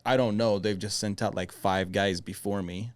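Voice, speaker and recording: A man tells a relaxed sales story on a podcast, laughing easily as he goes. His voice is smooth and resonant. The mic is close, and the sound is dry with no room echo. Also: fairly low pitch, moderate pace. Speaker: sales executive, podcast guest. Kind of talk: casual podcast chat.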